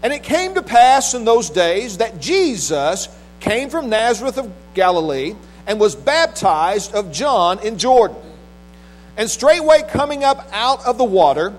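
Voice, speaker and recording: Faint mains hum runs under this low-quality recording of a high-voiced male pastor. He first reads scripture with measured solemnity, then preaches in plain talk, restarting a few times.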